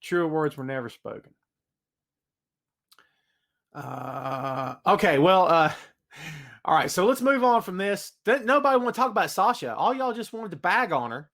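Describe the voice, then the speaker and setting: Man, podcast host, energetic rant, high voice, swings all over. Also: unhurried, long pauses. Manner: animated ranting, hypes predictions, reads chat comments. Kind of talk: solo live-stream wrestling talk.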